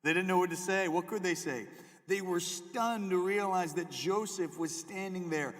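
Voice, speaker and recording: Young male youth preacher, animated and jokey, sharp bright tone, fairly high voice. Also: normal speed. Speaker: youth pastor. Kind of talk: middle school chapel sermon. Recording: echoey hall with long reverb.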